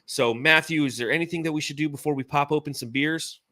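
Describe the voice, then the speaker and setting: A man in his forties hosting a casual sports podcast, talking in an animated, rambling, enthusiastic way. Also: fairly high pitch, fast talker, no echo, studio quality. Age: 40s. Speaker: podcast host.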